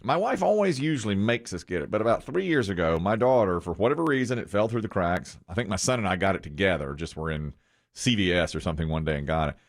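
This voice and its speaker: A man's voice: deep voice, fast. A middle-aged man hosting a morning radio show, teasing his co-hosts and telling family stories in casual studio banter. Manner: teasing, animated storyteller. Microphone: studio microphone.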